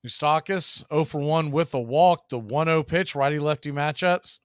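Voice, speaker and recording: A man calling live baseball play-by-play as the show's host, building excitement on big plays. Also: on the high side, moderate pace, clear, resonant tone, no room sound, studio quality. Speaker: play-by-play announcer.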